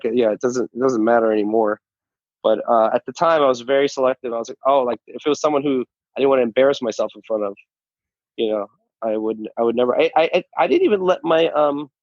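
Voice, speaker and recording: A male stand-up comedian appears as a guest in a casual interview, talking loosely about his life, stammering through restarts, swearing freely and laughing often. Originally from Saudi Arabia and later the U.S., he speaks Arabic as his first language, at an ordinary pitch. The recording is dry, dull and slightly muffled, with a lo-fi quality.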